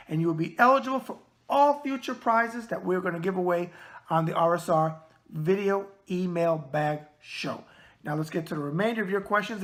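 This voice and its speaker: A man's voice: sits high, a bit bright. A man with a New York accent hosting a casual mailbag video show, talking in a brash, wisecracking way and repeating catchphrases. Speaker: show host.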